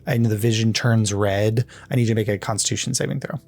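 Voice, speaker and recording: A man's voice: fairly low pitch, steady tone, fast, vocal fry, a little mellow, soft background music. A man narrating as game master of a tabletop game in a rambling, filler-heavy way. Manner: rambling narration with many ums and likes.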